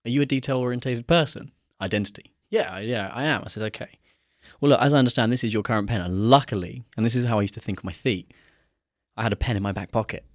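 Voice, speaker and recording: A young man telling a story in a casual chat, animated and acting out the dialogue he quotes. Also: mid-range voice, fast, no echo, studio quality. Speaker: podcast guest.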